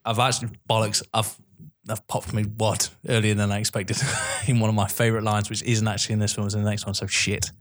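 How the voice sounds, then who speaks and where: A young man co-hosting a podcast, chatting about films in an animated, swearing, laughing way. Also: fairly low pitch, fast talker. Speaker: podcast co-host. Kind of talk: casual film chat.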